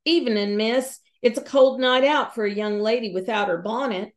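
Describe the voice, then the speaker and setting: A man's voice: extremely high pitch, normal speed. A woman voicing a shy, polite young country man in a spoken ghost story. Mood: bashful. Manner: polite, bashful country talk.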